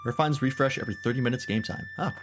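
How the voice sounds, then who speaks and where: A man's voice: mid-range voice, rapid-fire. Joking male streamer over game music. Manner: joking, irreverent. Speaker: gaming streamer. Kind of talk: casual let's-play commentary.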